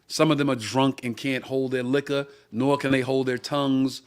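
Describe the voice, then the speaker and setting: A middle-aged comedian co-hosting a live-streamed talk show, telling a long, profane anecdote and acting out the voices of the people in it. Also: male voice, medium pitch, level tone, normal speed, smooth. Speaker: comedian and co-host.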